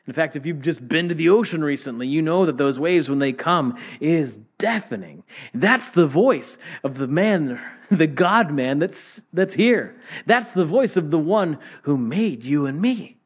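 A man preaching a sermon, swinging between loud exclamations and hushed whispers. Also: on the high side, lively intonation, a little slow, breathy edge.

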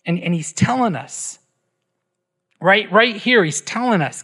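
A man's voice: high voice, lively intonation, measured pace, sharp tone, slightly rough. A middle-aged man preaching a sermon as pastor, emphatic, asking his listeners rhetorical questions and checking in with "right?".

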